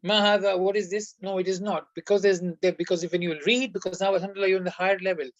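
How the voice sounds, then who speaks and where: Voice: mid-range voice, little pitch movement, racing, no echo, lo-fi sound. An Arabic teacher giving an online class lesson, who explains step by step, quizzes the students and sprinkles in devout phrases.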